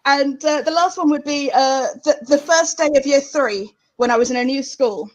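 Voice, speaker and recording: A young Englishwoman with a South East London accent talks in a slightly high voice. She rambles through her stories in casual chat and leans on "like" as filler. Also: normal speed. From England. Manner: rambling storyteller, lots of "like" and laughter.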